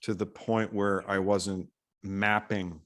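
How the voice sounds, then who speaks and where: A man talks in a casual podcast conversation. He muses in a measured, thoughtful way, weighing each point as he goes. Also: fairly low pitch, level tone, fairly bright tone. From Pittsburgh, USA.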